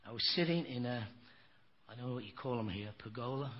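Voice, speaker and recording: A man's voice: mid-range voice, a little fast. An older man preaching a sermon, telling stories in a folksy, emphatic way and often saying "you know.". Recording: dull lo-fi recording with faint noise.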